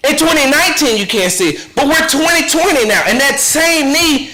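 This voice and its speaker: A man's voice: very high voice, brisk, few pauses, pushed and bright, echoey room, poor audio. A male radio host giving an impassioned commentary, fiery and rhetorical, repeating phrases for emphasis. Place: radio studio.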